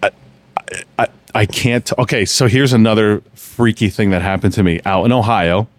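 A man with a very deep voice tells stories on a casual chat podcast. He rambles and often restarts his sentences. The sound is dry and close to the mic. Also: normal speed, no room sound. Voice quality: low, relaxed storytelling with frequent restarts. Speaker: podcast host.

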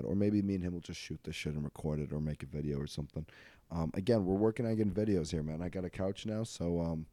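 Low, mellow-voiced young man rambling. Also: no room sound. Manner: rambling, self-deprecating, filler-heavy. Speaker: podcast host. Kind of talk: casual podcast monologue.

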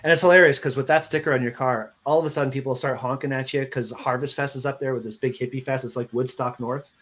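A man's voice: medium pitch, steady tone, fast talker, a bit bright. Laid-back male podcast host. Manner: laid-back, jokey, asks the questions. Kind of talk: casual chat.

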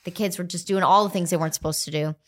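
A woman co-hosting a casual faith podcast, telling a family story in a candid, warm way. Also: on the low side, steady tone, racing. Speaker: podcast co-host.

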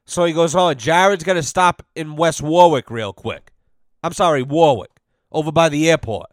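A man telling a story on his podcast in a profane, animated way, acting out both sides of conversations. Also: fairly high pitch, normal speed, dry recording, studio quality. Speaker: podcast host. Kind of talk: casual storytelling monologue.

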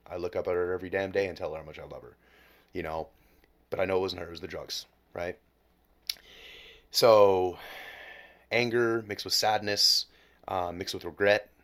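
A man in his late twenties with a very low, deep voice tells a painful story as a podcast guest. He swears freely and falls quiet and hushed at the hardest moments, speaking candidly and with raw emotion. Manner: emotional, heavy swearing, drops to near whisper at low points.

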